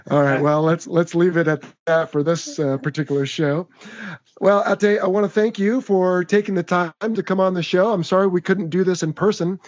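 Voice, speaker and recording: A man with an American accent hosting a podcast in a relaxed, chatty, upbeat way. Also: high voice, normal speed, lo-fi sound. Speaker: podcast host. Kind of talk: casual podcast chat.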